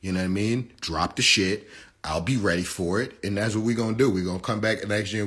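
A young man with a very low, husky voice rants on a phone live stream about basketball. His talk is heated, mocking and full of profanity. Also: fast, fairly bright tone.

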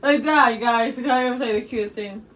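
A woman's voice: a little high, quick pace, a bit bright, distant mic. A young woman vlogging casually from her bedroom, rambling and repeating "you guys" over and over. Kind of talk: casual chat to camera.

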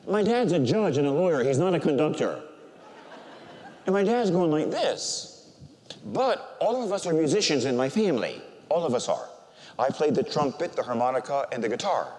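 An older man, a Catholic priest, preaching a sermon and telling a personal story with animated, emotional delivery that softens when he is moved. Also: on the high side. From United States. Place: large church. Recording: church hall reverb.

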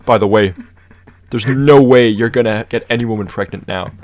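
A man's voice: lowish voice, moderate pace, a little mellow. A man co-hosting a casual podcast, giggling and restarting his sentences often. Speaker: podcast co-host. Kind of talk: casual chat.

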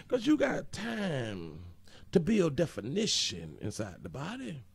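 A man hosting reaction commentary in an animated, profane, preachy way. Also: fairly high pitch, a little slow, creaky, husky. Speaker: host.

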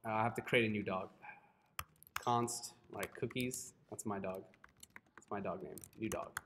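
A man's voice: on the low side, fairly even intonation, a little slow, noisy background. A man teaching a live coding class, who keeps checking in with his students and often apologizes. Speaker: coding instructor.

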